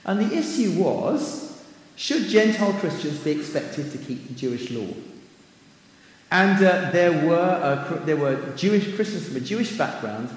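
A man preaching a sermon in a relaxed, chatty way, breaking into scripture quotations and little asides. His voice sits a touch higher than most men's. It rings out through a large echoing hall with a long reverb tail. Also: unhurried. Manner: conversational, with fillers and asides, quoting scripture. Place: church hall.

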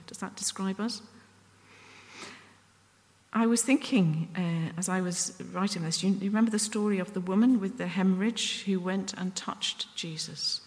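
A woman preaching a sermon up at the front, earnest and self-deprecating, with pauses and restarts. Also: medium pitch, steady tone. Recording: long reverb from a hall.

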